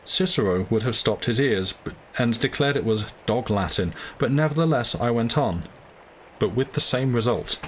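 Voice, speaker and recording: A man narrating a classic novel aloud in a steady, measured way on a livestream. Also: mid-range voice, a little hiss or hum, poor audio. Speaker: reader of a novel.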